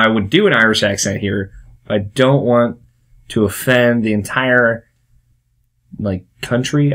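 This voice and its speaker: A man's voice: on the low side, a bit bright. A young American man hosting a casual talk vlog, rambling and interrupting himself with little laughs. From United States. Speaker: vlog host.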